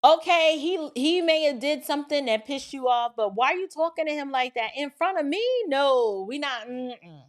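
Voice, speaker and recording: A woman hosting opinion commentary, preachy and animated, often slipping into quoted voices of friends. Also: high voice, normal speed, few pauses. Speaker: commentary host.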